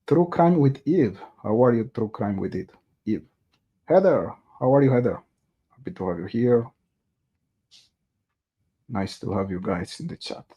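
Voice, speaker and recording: A man's voice: fairly low pitch, expressive, unhurried, long pauses, dark tone, husky, highs cut off. A man hosting a casual true crime livestream. He hesitates often, with lots of filler sounds and restarts, and he reads viewer chat aloud and greets viewers.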